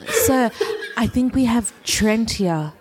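A woman's voice: fairly high pitch, lively intonation, takes it slowly, very noisy. A woman in an improv comedy scene, hesitant and apologetic.

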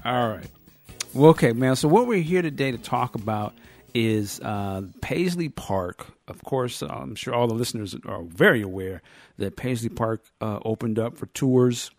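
A man's voice: mid-range voice, lively intonation, normal speed, a little mellow, soft background music. A man from the United States hosting a podcast, talking in a loose, rambling way with many fillers. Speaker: podcast host. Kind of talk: casual chat.

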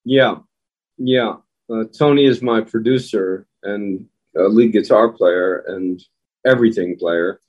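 A man's voice: fairly low pitch, slow pace, a little mellow, lo-fi sound. Rambling older male actor on a call. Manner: loose and rambling, swears casually. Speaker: guest actor and songwriter. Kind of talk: casual interview chat.

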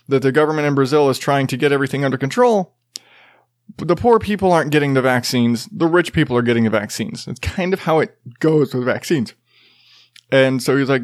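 A man's voice: medium pitch, moderate pace, dry recording, clean studio sound. A man hosting a casual news commentary show, rambling and profane, with jokey asides.

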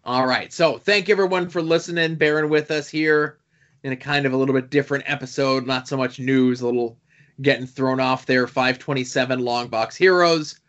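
A man's voice: mid-range voice, steady tone, fairly quick, a bit bright, highs cut off. A man co-hosting a podcast, chatting casually and rambling with many fillers and asides. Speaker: podcast co-host.

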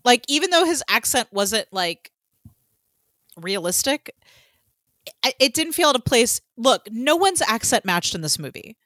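A woman's voice: on the high side, sing-song, unhurried, pauses often, a bit bright, no room sound. A woman from Georgia co-hosting a podcast, chatting casually with many fillers and some swearing. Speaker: podcast co-host. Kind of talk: casual chat.

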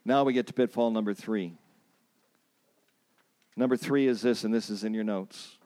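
A man's voice: normal speed, mellow. A man teaching a church counseling seminar, earnest and emphatic, quoting scripture and repeating key points for emphasis. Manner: acts out pleading phrases in a higher voice.

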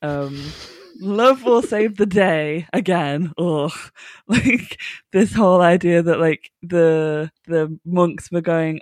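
A woman's voice: on the low side, slow pace, dry recording, studio quality. A woman co-hosting a podcast in casual chat, laughing often and restarting her sentences. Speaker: podcast co-host. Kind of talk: casual chat reviewing a TV episode.

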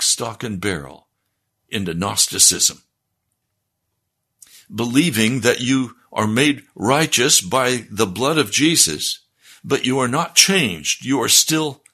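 A man preaching a sermon, explaining scripture in a deliberate, teaching manner. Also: medium pitch, sharp tone, slightly rough.

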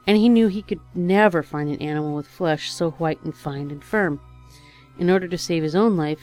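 A woman narrating a fairy tale as a storybook reading, in a measured, expressive way. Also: low-pitched.

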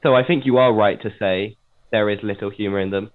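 A man from England co-hosting a casual talk about poetry. He speaks in a measured, hedging way and thinks aloud as he explains. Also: on the low side. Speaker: podcast co-host. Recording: tinny phone-like line.

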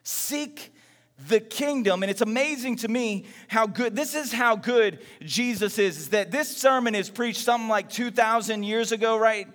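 A man from Texas preaching a sermon in a conversational, animated way, acting out everyday voices. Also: high voice, normal speed, hardly any pauses, long reverb tail. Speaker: pastor.

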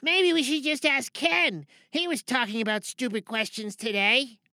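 A woman's voice: high voice, normal speed, pushed and bright, no echo, studio quality. A woman in an audio comedy sketch, complaining in an exasperated way.

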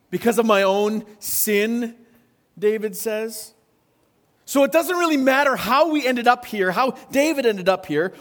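A man with a fairly high voice preaches to his congregation. He talks in a relaxed, conversational way. He keeps asking his listeners questions as he goes. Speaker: pastor. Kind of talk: sermon.

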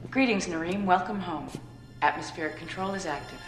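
A woman voicing a polite female house computer that greets its owner in a formal announcing manner, in an echoey TV clip with loud music. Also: on the low side, a little fast, lightly acted. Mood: courteous. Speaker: home computer.

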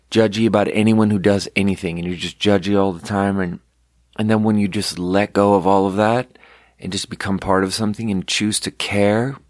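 A young man hosting a podcast rambles candidly through personal stories, swearing freely and quoting voices as he tells them. His voice sits low, recorded at studio quality with no echo.

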